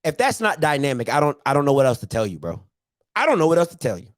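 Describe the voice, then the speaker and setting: A man hosting a sports recap show, ranting in excitable, slangy trash talk and repeating himself for emphasis. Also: fairly high pitch, quick pace, no echo, clean studio sound. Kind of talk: animated sports recap rant.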